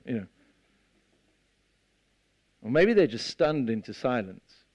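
A man preaching a sermon, retelling a scene with lively storytelling and acting out the voices of the people in it. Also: a little high, quick pace, long pauses, no echo, dull audio. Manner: animated storytelling, acts out the disciples' voices.

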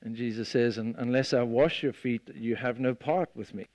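A man preaching a sermon, retelling a scene with lively storytelling and acting out the voices of the people in it. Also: mid-range voice, normal speed, few pauses, no room sound. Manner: animated storytelling, acts out the disciples' voices.

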